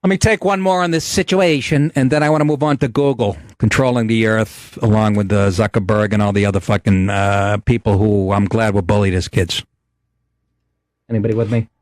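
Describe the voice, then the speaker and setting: A man's voice: fairly low pitch, fairly even intonation, fairly quick, no echo, studio quality. A man hosting a call-in podcast, talking in a rambling, sarcastic way with plenty of swearing. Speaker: podcast host. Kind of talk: casual call-in talk show.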